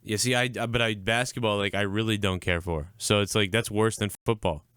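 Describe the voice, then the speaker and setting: A man's voice: on the low side, brisk, clean tone, dry recording, clean studio sound. A young man co-hosting a live show, telling a long, profane story in a rambling, casual way. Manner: profane, rambling, animated when quoting others. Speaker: podcast co-host.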